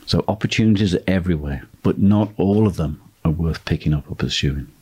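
A man teaching as a property investment tutor, speaking in a steady instructional monologue and driving points home by repeating key phrases. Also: low voice, fairly quick, breathy edge.

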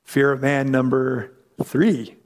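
A man's voice: mid-range voice, level tone, slow, big-room sound. A man preaching a sermon in a conversational way, acting out the voices in the story he tells. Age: adult parent. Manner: conversational, acts out quoted voices. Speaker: pastor.

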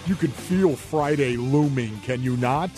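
A man's voice: medium pitch, measured pace, darkish tone. A man hosting a morning sports radio show from a studio, with an upbeat, showman delivery. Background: guitar music bed.

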